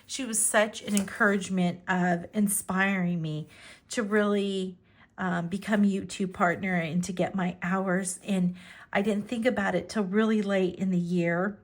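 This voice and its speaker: A middle-aged woman chatting casually to her viewers about her journals, speaking gently and softly, rambling a little with fillers. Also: mid-range voice, fairly even intonation, measured pace. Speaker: planner and journaling vlogger.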